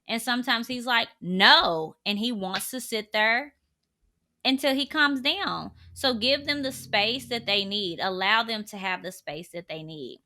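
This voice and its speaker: A woman's voice: a little high, a little slow, bright, forceful tone. A woman in her thirties talking casually and earnestly to camera, giving parenting advice drawn from her own family. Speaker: parenting vlogger.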